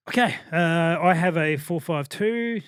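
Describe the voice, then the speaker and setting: A man hosting a casual podcast chat, chatty and quick to laugh, with plenty of fillers. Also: on the high side, smooth, dry recording, clean studio sound. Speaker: podcast host.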